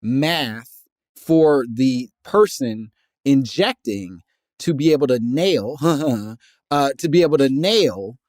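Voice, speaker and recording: A man's voice: medium pitch, lively intonation, slow pace, darkish tone, no echo, studio quality. Wry, laid-back man podcast host. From Indiana. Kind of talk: casual comedic podcast chat.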